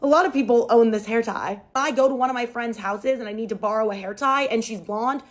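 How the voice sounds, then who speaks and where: A woman's voice: a little high, brisk. Chatty young woman telling a storytime. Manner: chatty, sarcastic, dramatic. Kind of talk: casual storytime.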